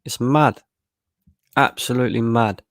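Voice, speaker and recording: A man's voice: mid-range voice, unhurried, no echo, studio quality. A man streaming a live match watchalong, tired after a long work shift and bluntly frustrated, swearing freely. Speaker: fan channel streamer.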